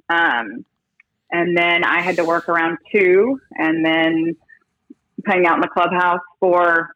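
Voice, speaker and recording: A woman who reports on baseball broadcasts, chatting in an interview as an animated storyteller who restarts her sentences a lot. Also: on the low side, dry recording, lo-fi sound. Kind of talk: casual interview talk.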